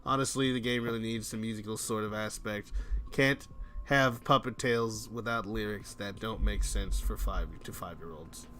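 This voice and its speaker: A man's voice: lowish voice, steady tone, normal speed, sharp tone, a little hiss or hum. A young man hosting a live stream, chatting casually with friends and viewers in a playful, joking way. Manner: playful, joking, breaks into song. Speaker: streamer host.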